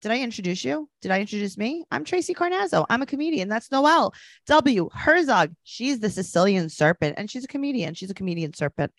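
A woman's voice: a little high, sing-song, fairly quick, no echo. A woman co-hosting a podcast, recapping a TV show in casual chat and often mocking the people she talks about in put-on voices. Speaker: podcast co-host.

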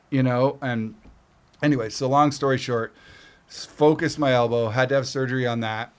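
A man's voice: mid-range voice, fairly even intonation, moderate pace. A middle-aged man from Canada, a podcast guest telling stories casually, swearing freely and acting out what others said. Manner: swears freely, acts out quoted voices. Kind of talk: casual storytelling.

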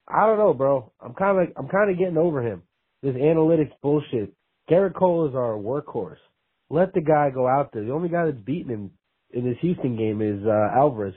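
A man from New Jersey vents into a phone line to a sports radio show, swearing as he goes. His raspy voice sits at a middle pitch and comes through thin and tinny. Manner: frustrated, profane ranting. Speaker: caller.

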